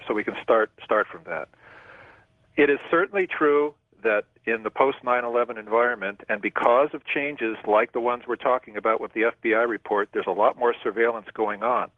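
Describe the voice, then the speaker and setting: Low-voiced male expert on a phone line. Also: dry recording. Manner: measured, explanatory, repeats words on starting. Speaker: guest expert. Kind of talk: expert explanation on radio.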